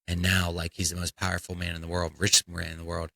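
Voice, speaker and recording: A man's voice: deep voice, monotone, fast talker, vocal fry, pushed and bright, no room sound, rough recording. A man hosting a comedy podcast, ranting in a blunt, profane, fired-up way. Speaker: podcast host.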